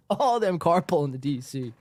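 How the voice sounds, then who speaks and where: Rambling, fairly high-voiced podcast host. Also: male voice, sing-song, unhurried, a little mellow, dry recording, studio quality. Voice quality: rambling, laughs often, reads chat aloud. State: weary after a long stream. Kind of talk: casual livestream commentary.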